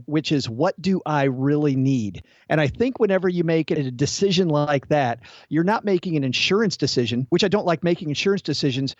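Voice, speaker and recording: Midwest guy cohosting a podcast, jokey, kinda high voice, dull dry mic. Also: dry recording. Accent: Midwestern American. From Southwest Michigan. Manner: joking, self-deprecating. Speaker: podcast co-host. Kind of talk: casual podcast chat.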